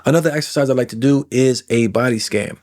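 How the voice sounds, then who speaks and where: A man in his forties with a mid-range voice talks straight to camera as a self-help coach. He is animated and conversational, stretching out words for emphasis and slipping into little acted inner voices. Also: mid-range voice. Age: 40s. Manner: animated, acts out inner voices and imagined replies, drawn-out emphasis. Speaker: coach working with trauma clients.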